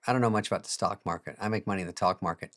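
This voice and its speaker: A man's voice: low-pitched, rapid-fire, fairly bright tone. A man doing a comic monologue in a sarcastic, profane and self-mocking way, chuckling at his own jokes. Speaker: comedian.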